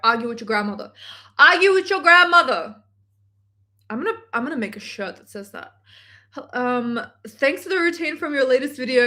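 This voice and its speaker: A woman's slightly high voice reads live-stream chat comments aloud from her home workspace. She's a manifestation coach, and she gushes animatedly while swearing casually.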